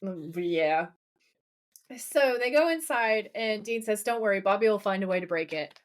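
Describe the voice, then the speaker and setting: A woman co-hosting a podcast in casual chat, recapping a TV episode with lively, laughing quotes of the characters. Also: medium pitch, normal speed. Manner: animated, laughing, quoting characters in playful voices.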